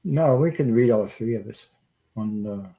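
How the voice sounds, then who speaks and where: A man's voice: on the low side, moderate pace, mellow, lo-fi sound. A man hosting a casual live-stream chat, talkative and laughing often between sentences. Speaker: host.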